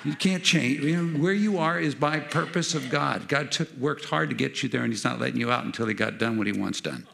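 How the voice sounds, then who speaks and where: A man's voice: medium pitch, a little fast, creaky, few pauses, a bit bright. A middle-aged man preaching a conversational sermon that builds into fervent, rising delivery. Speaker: pastor.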